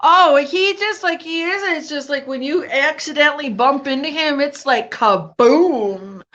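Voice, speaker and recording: A middle-aged woman chats in a high, bright voice, taking her time with every rambling complaint. She talks loosely and colloquially. It is a dull, lo-fi home recording. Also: measured pace. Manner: loud, laughing, Southern-style colloquial rant. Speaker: vlog host. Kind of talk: casual chat.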